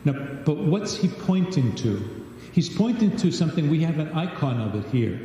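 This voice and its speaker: A man's voice: a little high, big pitch swings, moderate pace, dark tone, dull audio. Man teaching in an echoey church. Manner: asks questions and reads scripture aloud. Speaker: Bible study teacher. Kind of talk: teaching a Bible study. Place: large church hall. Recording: distant echoey church livestream.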